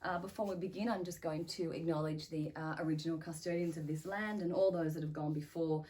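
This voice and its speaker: A woman's voice: low-pitched, fairly even intonation, a little fast, warm tone, recorded from a distance. A woman, a spirit medium, introducing her session in a hesitant way with many fillers. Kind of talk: casual spiritual talk to camera.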